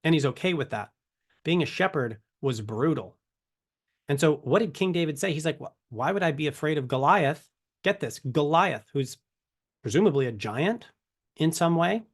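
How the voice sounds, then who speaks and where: A man's voice: on the high side, breathy edge. A man giving a casual Bible teaching to camera, conversational and full of rhetorical questions. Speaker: ministry teacher.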